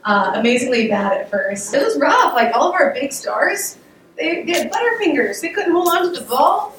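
A woman with a fairly high voice gives a chatty, animated sermon full of laughs and restarts, her voice getting worn. She sounds set back from the mic in a reverberant room. Faint room noise hums underneath. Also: moderate pace. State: losing her voice. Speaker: speaker giving a devotional talk. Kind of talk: casual sermon. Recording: echoey room, voice picked up from a distance.

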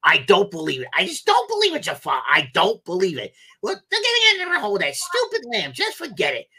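A man doing a comic impression of a cranky, loudmouthed male parrot sidekick, ranting in an exasperated squawk. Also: sits high, wildly swooping pitch, fast, husky, voice pushed up, full character voice.

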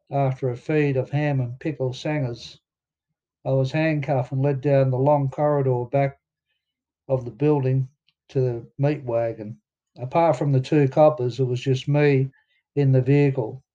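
A man's voice: mid-range voice, level tone, measured pace, warm tone, dull audio. A man with an Australian accent narrating his own story in a plainspoken, casual way with some swearing. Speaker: memoir narrator. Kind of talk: audiobook narration.

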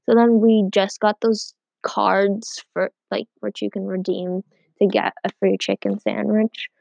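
A woman's voice: mid-range voice, little pitch movement, a little slow, creaky, darkish tone, no echo, rough recording. A teenage girl hosting a casual solo podcast from home, rambling and filling every gap with "like". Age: teens. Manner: rambling, heavy use of "like". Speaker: podcast host.

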